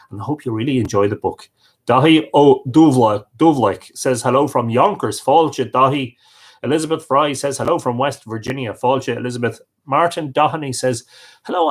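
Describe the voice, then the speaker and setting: A man hosting a livestream, reading out viewers' comments and greeting each one by name. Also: medium pitch. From Ireland. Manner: friendly, reads out viewer comments and answers them. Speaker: livestream host. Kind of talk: reading live chat greetings.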